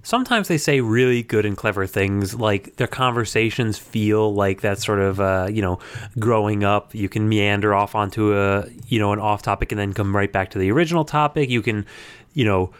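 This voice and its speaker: A man's voice: on the low side, normal speed, clear, resonant tone, dry recording. A man co-hosting a podcast in casual chat, opinionated and critical. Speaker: podcast co-host.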